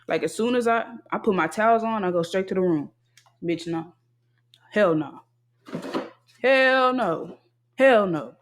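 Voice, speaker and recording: A young adult talking alone into a single mic, venting in a blunt, heavily profane rant. The delivery keeps circling back to emphatic, repeated refusals. Voice sits at a middling pitch. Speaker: podcast host venting. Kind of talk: casual solo venting monologue.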